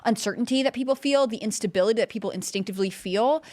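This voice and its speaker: A woman's voice: a little high, fast talker, darkish tone. A woman co-hosting a political talk show, talking thoughtfully in a conversational way with many fillers. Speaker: co-host.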